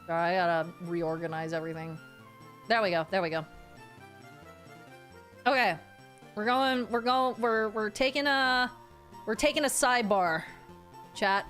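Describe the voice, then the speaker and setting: A woman's voice: mid-range voice, measured pace, pauses often, fairly bright tone, faint music behind. A woman streamer chatting casually with her viewers. She gets worked up easily, swears freely and often repeats her phrases.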